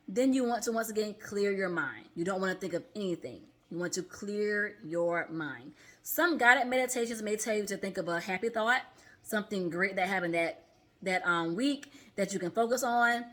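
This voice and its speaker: A woman who works as a therapist and mindfulness coach chats casually with viewers in an instructional vlog, her voice a bit bright. She often checks in with a quick "okay?" and demonstrates deep breaths out loud.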